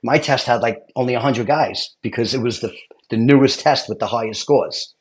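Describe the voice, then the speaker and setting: A man's voice: mid-range voice, brisk. A middle-aged man from Brooklyn, a retired officer telling stories in a casual chat and often adding "you know what I mean" asides. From Brooklyn, New York. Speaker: guest, retired police and fire officer.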